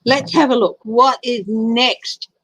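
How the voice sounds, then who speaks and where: A woman's voice: a little high, fairly even intonation, slow pace, fairly bright tone, rough recording. A woman giving a casual live tarot reading, chatty and openly emotional as she answers viewers. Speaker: tarot reader.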